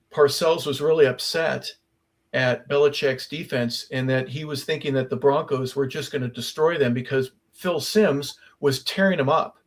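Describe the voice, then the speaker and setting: A man hosting a sports talk radio show, telling a long anecdote and acting out the voices of the people in it. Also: fairly high pitch. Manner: animated storyteller, acts out quoted voices. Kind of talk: casual sports talk storytelling. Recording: online radio show remote mic.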